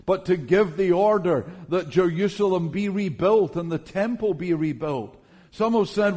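Slow, earnest male preacher. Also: fairly high pitch, darkish tone. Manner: slow, earnest preaching, addressing listeners as friends. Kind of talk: sermon.

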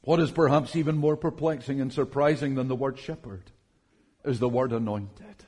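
A man preaching a sermon in church, slow and earnest, calling his listeners friends. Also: mid-range voice, steady tone, darkish tone.

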